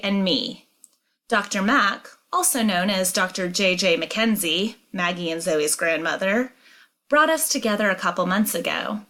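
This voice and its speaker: A woman teacher reading a novel aloud and explaining it, clear and emphatic. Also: mid-range voice, fairly bright tone.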